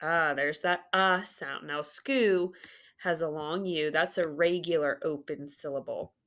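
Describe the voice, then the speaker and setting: A woman with a low but fairly bright voice teaches a phonics lesson, slowly and patiently sounding out words and drawing out each syllable.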